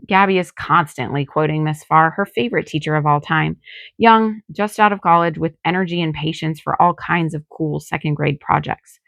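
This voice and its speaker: Give me a deep-voiced, creaky woman calmly narrating her own novel. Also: moderate pace, no echo. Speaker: author reading her novel. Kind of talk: audiobook reading.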